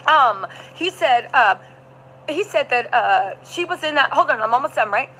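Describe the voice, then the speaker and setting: Emphatic woman streamer, bright high voice, faint hum behind. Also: moderate pace, rough recording. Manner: animated, emphatic, talks to chat. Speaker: vlogger recapping a trial. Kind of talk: livestream commentary.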